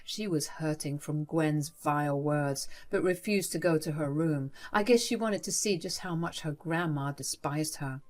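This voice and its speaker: Woman narrator, scripted storytelling, even delivery, lowish voice. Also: moderate pace, hardly any pauses.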